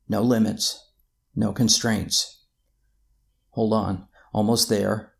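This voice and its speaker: A man's voice: on the low side, creaky, darkish tone. A man preaching a reflective sermon and asking his listeners rhetorical questions.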